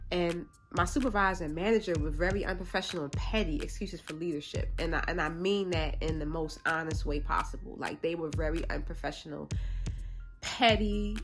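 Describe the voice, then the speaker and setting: An upbeat woman fashion influencer chats through a casual Q&A vlog. Her talk is loose and friendly, full of "like" fillers. Faint music plays softly underneath her voice. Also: fairly low pitch. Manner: upbeat and chatty, lots of "like" fillers. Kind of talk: casual Q&A chat.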